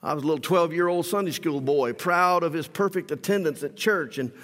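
A male pastor delivers an emphatic sermon, his voice sitting a little high and ringing bright. He swings between loud declarations and soft asides, and the sound carries a long hall echo. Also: fairly quick.

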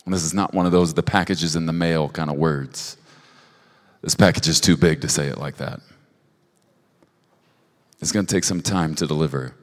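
A man giving personal prophetic words to a couple at a church service, halting and earnest, with frequent restarts. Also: low voice. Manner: halting, with restarts and soft asides. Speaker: prophetic minister. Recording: long hall reverb.

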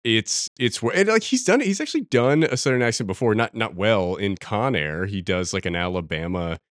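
A man with a very low voice talks through a movie he watched, in a loose, rambling way, with the dry, close sound of a podcast mic. He keeps laughing at the scenes he describes. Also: lively intonation, moderate pace, dry recording. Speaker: podcast co-host. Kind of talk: casual film review chat.

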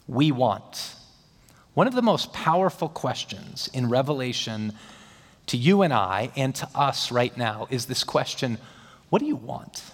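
This pastor's mid-range voice has a fairly bright tone as he delivers a sermon in a church hall. Each point builds phrase by phrase with mounting emphasis, and a long reverb from the hall hangs on his words.

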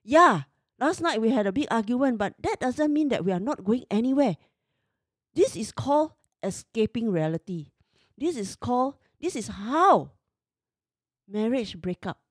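A woman's voice: a little high, no echo, clean studio sound. A woman in her fifties tells a personal story in an emotional, exasperated way. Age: 50s.

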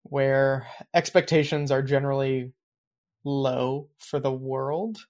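A man's voice: mid-range voice, steady tone, takes it slowly, a little mellow. A man co-hosting a podcast in casual chat, rambling and reflective, with many fillers. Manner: reflective, explains his planning habits at length. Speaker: podcast co-host.

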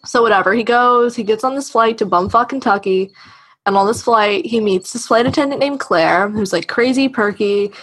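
A woman with a husky, slightly breathy voice chats on a podcast, recapping a movie in loose, conversational talk. She swears casually and slips quickly into the voices of the people she quotes. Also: on the high side, a bit bright, rough recording. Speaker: podcast co-host. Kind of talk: casual chat, retelling a film plot.

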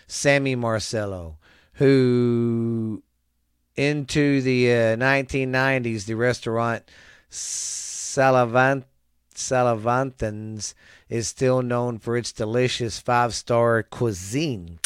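Slow-talking, smooth-voiced podcast host man. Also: mid-range voice, steady tone, no room sound, clean studio sound. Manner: profane, rambling, stumbles over reading. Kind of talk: casual chat and reading history.

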